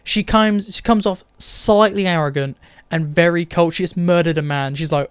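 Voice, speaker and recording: Blunt, high-voiced reviewer. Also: male voice, brisk, clean tone, no room sound. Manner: blunt, opinionated and sarcastic. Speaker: TV show reviewer. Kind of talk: casual video review.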